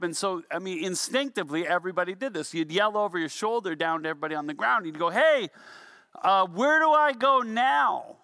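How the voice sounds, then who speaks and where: Middle-aged man, pastor, conversational sermon, sharp bright tone, wry self-deprecating humor. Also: high voice, no echo, studio quality.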